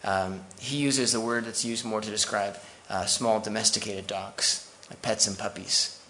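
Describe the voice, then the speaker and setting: A man's voice: on the low side, fairly even intonation, a little slow, sharp tone, slight background noise. A man preaching a sermon as pastor, conversational and full of asides to the congregation.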